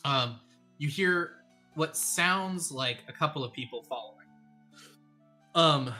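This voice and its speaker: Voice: mid-range voice, pushed and bright. A game master narrating a tabletop game in a rambling way, with many ums and uhs.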